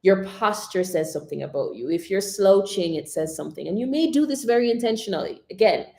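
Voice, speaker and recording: A woman coaching public speaking on a live stream, expressive, modelling whispers and dramatic pauses. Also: mid-range voice, roomy sound.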